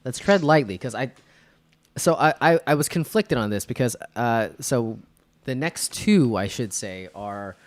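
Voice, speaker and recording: A man co-hosting a podcast in a casual snack-tasting chat, wry and teasing, with a halting delivery full of fillers. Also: medium pitch, animated, no echo. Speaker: podcast co-host.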